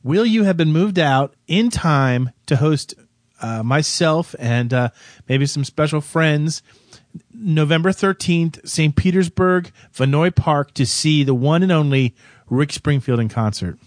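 A man's voice: on the high side, lively intonation, a little slow, no room sound, clean studio sound. Exasperated man hosting a show. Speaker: show host. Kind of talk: comic banter.

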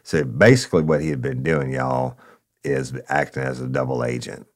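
A man's voice: rumbling low, moderate pace. A man telling a story in a blunt, profane, casual way, talking straight to his listeners. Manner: blunt, profane, conversational, addresses listeners as y'all. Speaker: podcast storyteller, former cop.

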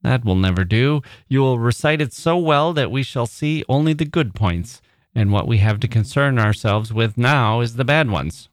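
A man reading the lines of a self-satisfied gentleman author, brisk and condescending. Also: medium pitch, expressive, no echo, clean studio sound, natural voice.

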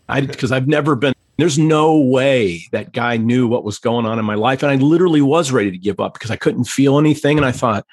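As a podcast guest who trains pastors, a man earnestly tells an emotional personal story and then explains a prayer practice. His medium-pitched voice is animated and fairly quick, with a breathy edge. The recording is dry, and the talk is conversational storytelling.

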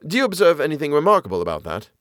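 Man reading keen naturalist gentleman, lecturing, animated pitch, dry close sound. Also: rapid-fire, dry recording. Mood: explaining.

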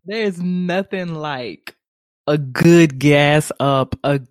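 Slangy, animated woman co-host. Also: sits low, takes it slowly, no echo, clean studio sound. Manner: animated, slangy, laughs easily. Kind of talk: casual chat.

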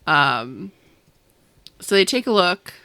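A woman chatting casually about a book, retelling scenes and acting out characters in quick voices. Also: on the low side, smooth. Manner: animated, acts out characters in quick voices, laughs often. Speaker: podcast co-host discussing a book. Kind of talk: casual chat.

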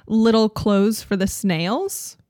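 A woman co-hosting a casual podcast, cutting in with quick teasing jokes. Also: mid-range voice, expressive, dark tone, dry recording, studio quality. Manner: teasing, quick joking remarks. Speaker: podcast co-host. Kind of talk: casual chat, joking banter.

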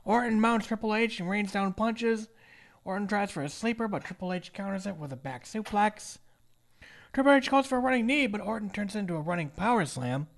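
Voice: mid-range voice, lively intonation, brisk. A podcast co-host chatting casually and joking while narrating a wrestling match move by move. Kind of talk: casual podcast chat with play-by-play recap.

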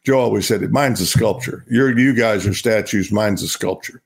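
A man's voice: on the low side, moderate pace, vocal fry. An older man from Oklahoma, a retired ballplayer, telling stories in a rambling, repetitive way as an interview guest. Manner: rambling, repeats himself, laughs while talking. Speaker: guest, retired baseball star. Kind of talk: casual interview storytelling.

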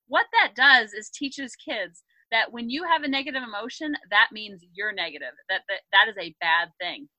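A woman in her thirties talks as a parenting coach in an interview, upbeat and animated. Her voice is very bright and a little high. The sound is close and dry, with no room in it. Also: normal speed, few pauses, no echo, muffled recording. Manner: upbeat, animated storytelling with acted quotes. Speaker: parenting coach and podcast guest. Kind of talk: conversational interview.

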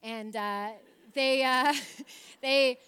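A woman with a high, bright, piercing voice tells a personal story straight to camera. She is chatty and animated, leans on filler words and acts out exclamations and other people's replies as she goes. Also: drawn-out words, clean tone. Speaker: vlogger telling a personal story. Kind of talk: casual storytelling.

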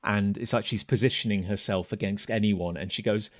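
A man's voice: lowish voice, fairly even intonation, a little fast, few pauses. A man narrating a tabletop game as game master, hesitant and full of fillers.

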